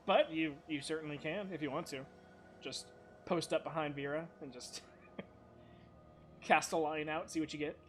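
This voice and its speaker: Male game master, loose and casual, slightly higher voice, light background hiss. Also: fairly even intonation, a little slow, long pauses, a bit bright. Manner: casual, swearing, loose explanations. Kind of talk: narrating a tabletop game.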